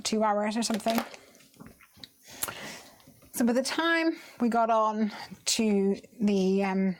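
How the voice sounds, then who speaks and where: A woman with a medium-pitched voice hosts a card making live stream, chatting casually, telling stories and laughing often. There's a little hiss or hum in the audio.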